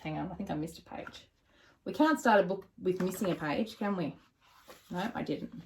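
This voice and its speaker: A woman reading picture books aloud to children, animated and asking them questions. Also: lowish voice, normal speed, creaky, slight background noise. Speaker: children's storyteller.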